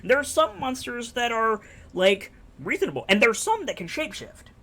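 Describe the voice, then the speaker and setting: A man's voice: very high-pitched, very animated, brisk, sharp tone, a little hiss or hum. A man streaming live, talking casually and enthusiastically about a game, rambling and swearing freely. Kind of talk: casual chat.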